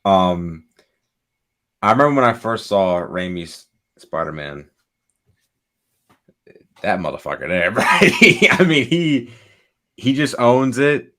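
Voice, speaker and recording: A man co-hosting a podcast in casual chat, excitable, swearing freely and laughing often. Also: on the low side, slow pace, pauses often. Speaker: podcast co-host.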